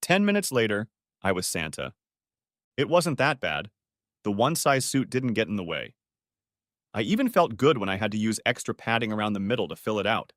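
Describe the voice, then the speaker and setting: A man's voice: lowish voice, big pitch swings, brisk, a bit bright, no echo, studio quality. A man narrating a first-person story audiobook in a wry, conversational way.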